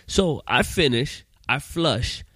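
A man's voice: medium pitch, expressive, slow, a bit bright, breathy edge, no echo. A man in his thirties from Trinidad, hosting a podcast and telling profane stories in casual chat, laughing often. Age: 30s. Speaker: podcast host.

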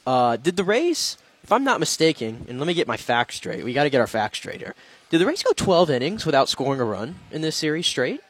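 A man from New York co-hosting a casual sports talk show, animated and sarcastic at a studio mic. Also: fairly high pitch, a little fast, slightly rough, no echo. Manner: animated, sarcastic, laughs often.

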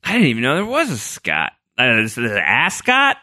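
A man playing in a tabletop role-playing game, joking and bantering in an animated way. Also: mid-range voice, normal speed, no echo, studio quality. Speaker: player. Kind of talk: casual tabletop game chat.

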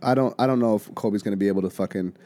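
A man's voice: lowish voice, racing, mellow. A man hosting a podcast in casual chat, rambling and stammering, swearing freely as he talks fight sports. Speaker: podcast host.

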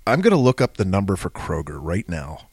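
A man's voice: sits low, huge pitch swings, a little fast, darkish tone, husky, no room sound. A man co-hosting a podcast, joking and riffing on silly ideas in casual chat. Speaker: podcast co-host.

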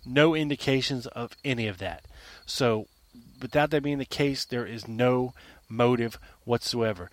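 A man hosting a solo podcast, pressing his point with emphatic repetition and rhetorical questions in a mid-pitched voice. The recording is dry and close, with no room echo. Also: measured pace. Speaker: podcast host. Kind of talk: argumentative solo monologue.

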